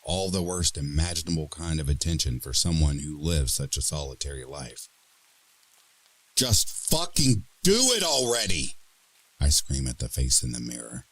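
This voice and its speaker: A man narrating a horror story in a dramatic, expressive reading style. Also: very deep voice, brisk, few pauses, breathy edge.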